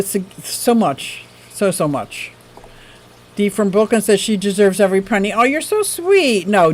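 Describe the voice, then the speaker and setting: A woman hosting a live stream for her aquarium channel, reading viewer tips in casual chat, gushing and excitable, laughing often. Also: mid-range voice, rough recording.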